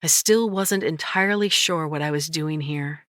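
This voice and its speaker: A woman's voice: sits low, a bit bright, no echo, studio quality. Reflective woman narrating an audiobook. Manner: measured, reflective storytelling. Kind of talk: first-person audiobook narration.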